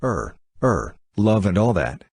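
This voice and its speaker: A man's voice: on the low side, sing-song, slow, darkish tone, slightly rough, dry recording, clean studio sound, exaggerated voice. A man reading a flustered, uneasy young man who stammers awkwardly, in an audiobook.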